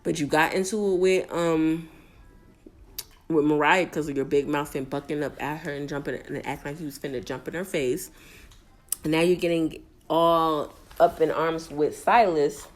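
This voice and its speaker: A young woman vlogger tears into a reality show in a blunt, slangy rant, with a voice sitting a little low for a woman. She sounds exasperated and talks in loose, casual phrasing. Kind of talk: casual ranting recap.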